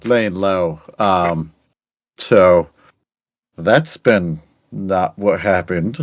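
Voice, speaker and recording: A man's voice: low-pitched, animated, extremely slow, no echo. A man playing in a tabletop game, speaking hesitantly with many fillers. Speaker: player. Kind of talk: tabletop role-play banter.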